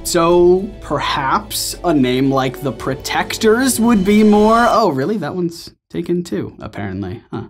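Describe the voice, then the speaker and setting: A male video-essay host reads scripted commentary in a lively voice whose pitch swoops around. He's playful and pokes fun at himself, speaking unhurriedly with hardly any pauses over faint background music.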